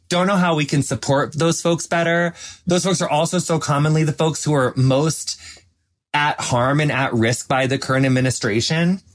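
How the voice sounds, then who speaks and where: An effusive man hosting a podcast, chatting casually and calling people darling and honey. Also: fairly high pitch. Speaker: podcast host. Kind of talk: casual chat.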